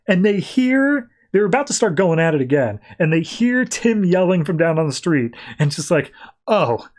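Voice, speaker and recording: A man's voice: high voice, big pitch swings, normal speed, a little mellow. A man hosting a podcast, recapping and reviewing comics in a loose, rambling way, often quoting characters offhandedly. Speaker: podcast host.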